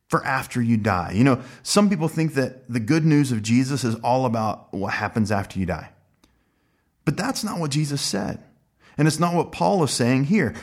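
Guy giving an earnest sermon, mid-pitched voice, leans hard on key words. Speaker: pastor.

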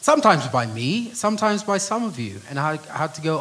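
A middle-aged Kenyan man preaching a sermon with an earnest delivery, often dropping to a hushed voice on key phrases. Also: on the high side, big pitch swings, a little fast, poor audio. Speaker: pastor.

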